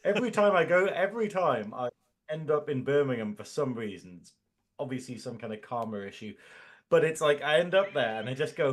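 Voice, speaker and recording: A man's voice: mid-range voice, fairly quick. A man co-hosting a casual episode review, joking and laughing often. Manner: jokey, animated, laughs often. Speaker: podcast co-host.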